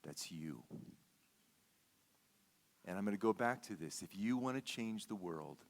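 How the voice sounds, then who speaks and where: In a church sanctuary, a man with a lowish, creaky voice gives an expressive, unhurried guest sermon, with a slight hiss or hum in the audio. He tells a personal story conversationally, repeating words and often asking "okay?"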